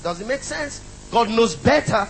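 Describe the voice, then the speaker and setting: A man's voice: very high-pitched, expressive, normal speed, vocal fry, slightly rough, rough recording. A middle-aged man preaching a sermon, emphatic and repetitive, calling out to the congregation.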